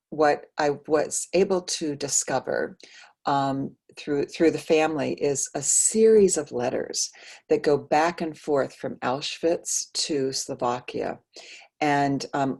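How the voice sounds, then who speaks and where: A woman author talking about her book over a video call, halting with many fillers and restarts, and losing her voice. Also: very deep voice, creaky, darkish tone. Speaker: author guest. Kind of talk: conversational book talk.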